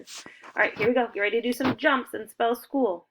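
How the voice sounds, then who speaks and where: A young woman teaching an online spelling lesson to second graders, upbeat and encouraging, giving clear step-by-step instructions. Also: a little high, fairly even intonation, moderate pace, noisy background.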